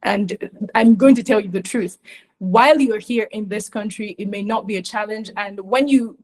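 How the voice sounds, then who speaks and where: A woman from Nigeria, giving an emphatic, animated webinar talk on pronunciation. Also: mid-range voice, normal speed, rough recording. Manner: emphatic, animated, often acts out mispronunciations.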